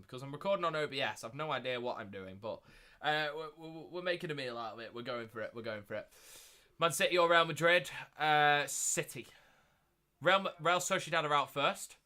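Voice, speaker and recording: A young man hosting a live watchalong stream, chatting casually and repeating himself, getting loud and excited at big moments. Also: a little high. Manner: excitable, repeats phrases, shouts when thrilled.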